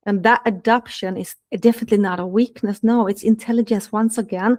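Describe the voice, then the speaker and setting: A woman's voice: mid-range voice, steady tone, fairly quick, few pauses, a little mellow. Earnest woman coaching listeners. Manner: earnest, repeats key phrases for emphasis. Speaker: dating and relationship coach. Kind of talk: podcast monologue, coaching listeners.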